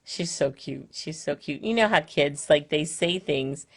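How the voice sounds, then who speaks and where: A woman's voice: low voice, unhurried. An older woman chatting casually from her home on a live stream, rambling with many fillers and restarts. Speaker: Facebook Live host. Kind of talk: casual chat. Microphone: phone or webcam, live stream.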